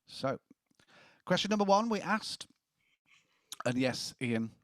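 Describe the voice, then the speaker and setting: A man's voice: high-pitched, very animated, slow pace, no room sound, clean studio sound. A man hosting a casual quiz, reading questions and joking between answers. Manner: jokey, chuckling as he reads questions. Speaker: quiz host.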